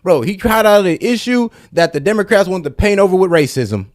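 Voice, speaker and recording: Animated, slangy male reaction host. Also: high-pitched, fairly quick. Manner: laid-back slangy, laughing asides. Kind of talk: casual reaction commentary.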